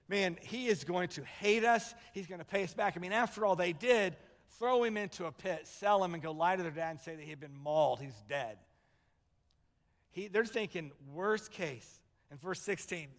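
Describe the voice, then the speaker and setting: A male pastor preaching a sermon, telling stories with animation and acting out the voices of the people in them. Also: high voice. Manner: animated storytelling, acts out voices. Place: church sanctuary. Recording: long hall reverb.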